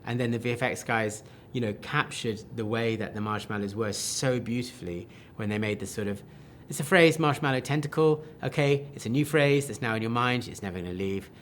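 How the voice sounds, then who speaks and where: A man, a film director, answering interview questions with enthusiastic, animated talk full of restarts and quoted asides. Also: medium pitch, fairly quick, hardly any pauses, slight background noise.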